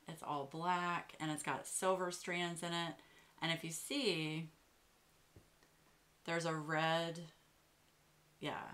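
A woman, chatting casually and excitedly as she shows off craft supplies, with lots of fillers and gushing. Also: low voice. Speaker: craft vlogger. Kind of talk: casual show-and-tell chat.

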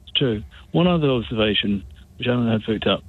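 A man's voice: mid-range voice, expressive, fast, husky, no room sound. A man calling into a radio phone-in, rambling and restarting as he makes his point. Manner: rambling, hesitant, full of restarts. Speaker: caller. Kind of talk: phone-in call. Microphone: telephone. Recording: tinny phone line.

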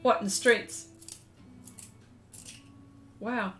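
A woman's voice: on the high side, fairly even intonation, very slow, fairly bright tone, faint music behind. An Australian woman hosting an art live stream, chatting casually and reading viewer comments aloud as she draws.

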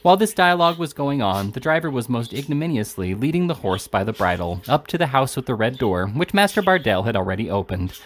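Brief: amateur male reader, plain steady narration of a classic novel. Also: mid-range voice, quick pace, hardly any pauses, slight background noise. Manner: steady, occasional slips and restarts. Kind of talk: reading a classic novel aloud.

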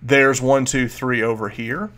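A man talks through a tabletop scene as game master. He is easygoing and halting, full of ums and restarts. His voice sits mid-range. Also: medium pitch, fairly even intonation, fairly bright tone. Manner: casual, halting, many fillers.

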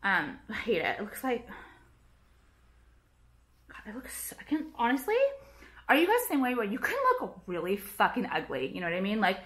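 At home, a beauty vlogger chats to camera in a fast, dramatic, profane rant, dropping "like" constantly. Her medium-pitched voice is sing-song and fairly bright.

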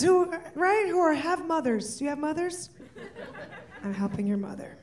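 High-voiced woman doing stand-up. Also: normal speed, recorded from a distance. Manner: bursts into shouting and laughing. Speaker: stand-up comedian. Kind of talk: stand-up comedy set. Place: stage before an audience.

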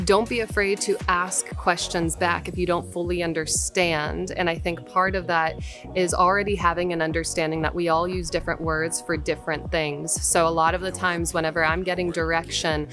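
A woman voice actor with a lowish voice, talking through her work in a careful, measured way. Faint music plays under her voice. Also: little pitch movement. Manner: explains carefully, deliberate and measured. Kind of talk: casual advice talk.

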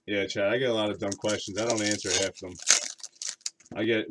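On a very noisy recording, a man with a lowish voice runs a card break live stream, talking fairly quickly with fairly even intonation. He chats and rambles with viewers, calling out card names as he goes.

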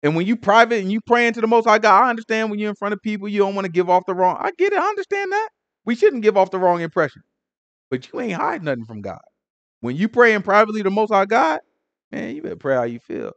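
Man with teaching the bible, swings loud and hushed, dry room. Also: high voice, quick pace, vocal fry, no room sound, highs cut off. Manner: animated, acts out prayers in hushed and loud voices. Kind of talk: conversational scripture teaching.

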